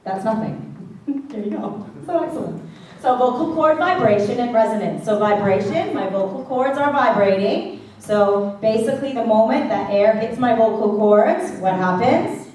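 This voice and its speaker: A woman's voice: a little high, lively intonation, normal speed, a little mellow, far from the mic, a little hiss or hum. A woman teaching a singing class as vocal coach, chatty and checking in with the class often, with sung demonstrations. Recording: echoey classroom recorded from afar.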